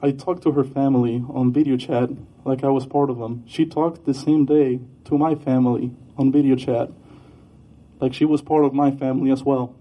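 Halting, husky man speaking at a memorial, muffled lo-fi recording. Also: mid-range voice, fairly even intonation. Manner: halting, with fillers and soft laughs. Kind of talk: heartfelt memorial speech. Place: Iowa.

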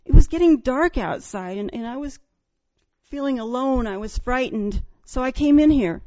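A woman's voice: high-pitched, lively intonation, moderate pace, mellow, dry recording, dull audio. A woman voicing a lost little ghost boy.

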